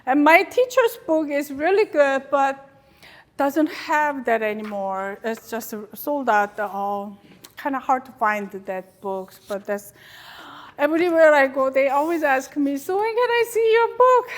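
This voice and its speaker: A woman from Korea with a Korean accent and a native Korean speaker, giving a chatty, animated guest lecture to a club, in English with non-native grammar. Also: high voice, measured pace. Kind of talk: lecture with slides.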